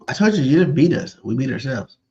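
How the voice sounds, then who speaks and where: Boastful mid-pitched man with a muffled sound. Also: sing-song, brisk, darkish tone. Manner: boastful, insistent fan banter. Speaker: sports podcast co-host. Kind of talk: casual sports debate.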